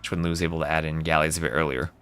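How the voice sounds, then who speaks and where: A man's voice: a bass voice, steady tone, racing, fairly bright tone, clear, resonant tone. A man casting a live strategy game match, calling plays and chatting with viewers between fights. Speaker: esports caster.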